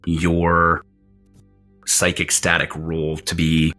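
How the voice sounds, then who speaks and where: Low bright-toned man running a tabletop game. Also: slow pace, soft background music. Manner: animated descriptive narration with frequent restarts. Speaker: game master.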